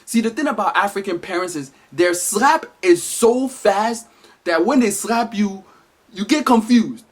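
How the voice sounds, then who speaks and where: A man delivering an animated, emphatic comedic monologue as a vlogger. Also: high-pitched, measured pace.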